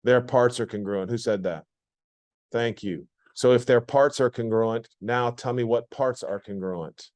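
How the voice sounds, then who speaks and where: A man's voice: medium pitch, a little slow, a little mellow. A man teaching a geometry lesson in a classroom, often repeating points and asking the class questions. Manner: repetitive, questioning the class, plainspoken. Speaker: math teacher. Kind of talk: classroom lecture.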